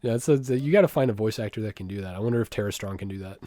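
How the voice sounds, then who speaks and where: A man's voice: lowish voice, rapid-fire, warm tone, no echo, clean studio sound. A young man co-hosting a podcast, joking, swearing often and laughing in casual chat. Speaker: podcast co-host.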